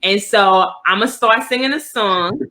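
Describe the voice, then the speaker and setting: A woman with a New York accent co-hosts a loose, friendly game night chat. Her voice is bright and forward, and she rambles with animated energy, laughing as she goes. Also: mid-range voice, unhurried. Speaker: co-host. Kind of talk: casual chat on a video call.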